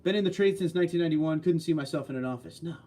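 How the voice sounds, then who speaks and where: A man's voice: fairly high pitch, rapid-fire, warm tone. A man in his sixties hosting a casual livestream, reading viewer comments and answering in a blunt, folksy, opinionated way. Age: 60s. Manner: blunt, folksy, opinionated, reads out chat messages. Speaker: livestream host.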